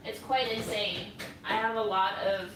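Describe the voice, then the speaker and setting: A woman's voice: mid-range voice, flat delivery, a little slow, reverberant, noisy background. A woman vlogging in her home kitchen, chatting casually and rambling with self-mocking humor to her viewers. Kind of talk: casual chat to a livestream audience.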